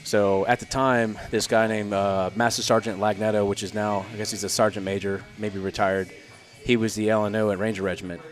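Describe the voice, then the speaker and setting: Low-voiced guy in his 30s spinning army stories on a podcast, lively, does the voices of people he quotes, cusses a bit, faint music behind. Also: brisk, hardly any pauses. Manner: animated storyteller who acts out quoted voices, swears freely. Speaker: podcast guest, former Army Ranger and Green Beret. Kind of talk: casual storytelling chat.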